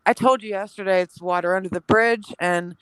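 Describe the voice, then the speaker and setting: A woman's voice: medium pitch, steady tone, a little fast, a bit bright, clear, resonant tone, no echo, low-quality recording. A woman guest on a live stream, talking frankly and reassuringly in casual chat.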